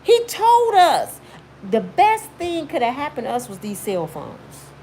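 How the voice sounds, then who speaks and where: A woman's voice: fairly high pitch, big pitch swings, normal speed, a little mellow, a little hiss or hum. A woman in her fifties giving blunt, emphatic, sermon-like motivational commentary on her YouTube channel.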